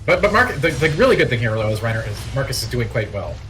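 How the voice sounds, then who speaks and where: A man's voice: mid-range voice, big pitch swings, quick pace, fairly bright tone, faint music behind, low-quality recording. A man co-hosting a gaming stream, chatting casually and mock-dramatically while eating hot wings. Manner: playful, mock-dramatic, stammers on restarts.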